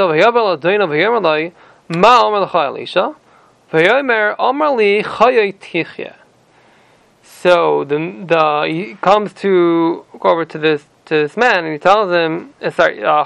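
A high, gravelly, fairly bright voice belongs to a Torah teacher who reads scripture in Ashkenazi-accented Hebrew and restates it in plain English. He's explaining the passage to a student, and the dry recording is low in quality.

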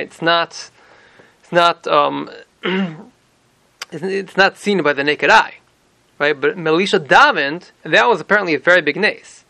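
A man teaching a Torah class, explaining lively with many rhetorical questions and Hebrew terms. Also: on the high side, gravelly, dry recording. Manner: animated explaining, frequent rhetorical "right?"; mixes in Hebrew terms and verse readings.

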